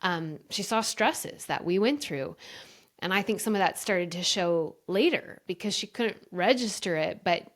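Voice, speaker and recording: A woman's voice: lowish voice, a little slow. A woman guest on a podcast, telling a heartfelt personal story with emotion and acting out bits of dialogue. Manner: earnest, emotional, often addresses listeners as "you guys"; lively storyteller who acts out quoted dialogue. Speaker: podcast guest, brain coach.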